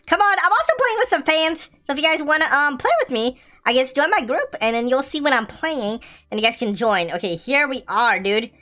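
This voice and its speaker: A woman's voice: high-pitched, animated, fairly quick, sharp tone. A young woman commentating a zombie video game, playful and giggly, often reading the game's lines aloud. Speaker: gaming YouTuber. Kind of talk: let's-play commentary.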